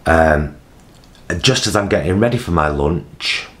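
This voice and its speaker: Low-voiced man telling a story. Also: lively intonation, fairly bright tone. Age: 50s. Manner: acts out voices of people in his story with big jumps in pitch; halting, many fillers. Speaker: vlogger. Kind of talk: personal storytelling vlog.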